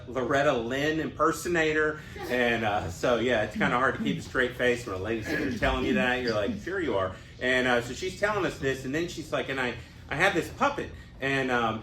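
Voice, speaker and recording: A man's voice: mid-range voice, bright, forceful tone. A man, a comedian contestant, telling rambling comic stories and laughing at his own jokes. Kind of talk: storytelling comedy banter. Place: comedy club stage, live audience. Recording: echoey live club with noise.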